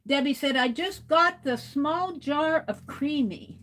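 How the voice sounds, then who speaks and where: High-voiced, unhurried woman livestreamer. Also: fairly bright tone. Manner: chatty, reads viewer comments aloud, laughs easily. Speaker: art livestream host. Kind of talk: casual livestream chat while drawing.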